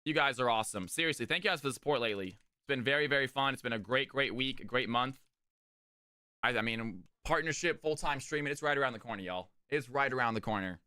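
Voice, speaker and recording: Energetic male stream caster, crisp resonant voice, dry and close. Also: mid-range voice, fast talker, no echo. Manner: hyped, energetic hype-man delivery. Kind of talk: live game-stream casting.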